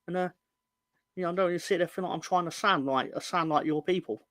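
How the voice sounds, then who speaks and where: A man's voice: sits high, fast, a bit bright, no room sound. A man with a London accent co-hosting a casual football podcast, rambling and joking as he reads out viewer comments. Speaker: podcast co-host.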